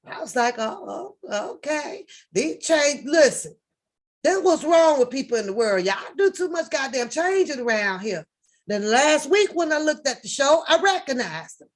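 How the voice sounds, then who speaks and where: Lively, blunt woman reacting. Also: high-pitched, moderate pace. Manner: blunt, profane and rambling; animated, with sarcastic asides. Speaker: reaction video host. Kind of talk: casual reaction commentary.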